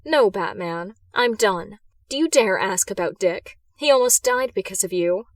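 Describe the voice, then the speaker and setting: A woman's voice: mid-range voice, moderate pace, no echo, natural voice. A woman voicing a cold, angry female tech ally in a fan audiobook reading. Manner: cold, harsh.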